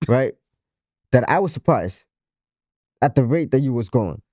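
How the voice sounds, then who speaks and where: A man's voice: medium pitch, expressive, unhurried, a little mellow, no echo, studio quality. A man on a casual podcast, speaking earnestly and repeating phrases for emphasis. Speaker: podcast co-host.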